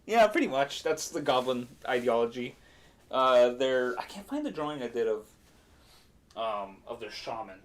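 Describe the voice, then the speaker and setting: A man's voice: medium pitch, very animated, moderate pace. Rambling man recapping a game. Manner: rambling, with fillers and laughs. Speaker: game master. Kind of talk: casual chat stream.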